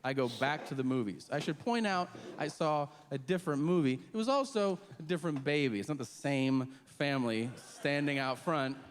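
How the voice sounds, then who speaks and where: A man doing stand-up comedy, telling a story in an animated, exasperated way and acting out outbursts, on a stage before a live audience. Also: fairly high pitch, moderate pace, hardly any pauses, in a large hall. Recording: live stand-up set with loud crowd laughter. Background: audience laughter.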